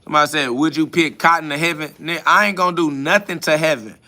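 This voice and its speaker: A man's voice: a little high, fast, bright, forceful tone. A man hosting a podcast, answering listener comments in a profane, mocking spiritual rant.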